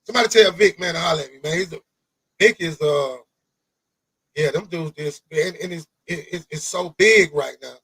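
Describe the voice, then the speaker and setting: A man hosting a podcast interview, talking in an animated, rambling way, swearing often and repeating himself. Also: fairly high pitch, moderate pace, husky, dry recording, poor audio. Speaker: podcast host. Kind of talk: casual interview chat.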